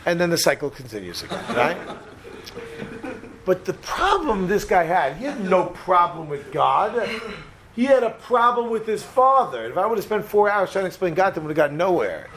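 A man giving a humorous sermon full of stories, animated and talking straight to his listeners. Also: sits high, normal speed, a little hiss or hum. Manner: animated, joking, talks to the audience.

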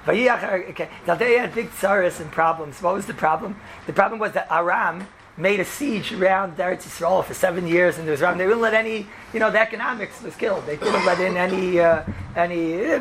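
A man teaching a casual class as a rabbi, telling the story in an animated way and acting out the quoted lines, with lots of "right?" and "you know". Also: high voice, a little hiss or hum. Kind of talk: casual classroom Torah lesson.

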